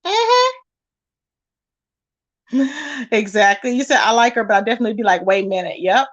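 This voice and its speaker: Woman, livestream host, casual chat, reading comments aloud, animated, laughs often, slightly high voice. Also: moderate pace, muffled recording. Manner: animated, laughs often, calls viewers baby and child.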